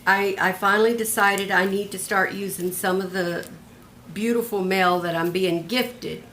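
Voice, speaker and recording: An older retired woman, a craft vlogger, shows off a handmade journal in a homey, chatty show-and-tell, going through each piece one by one. Her mid-range voice is a bit bright, and there's a little hiss or hum.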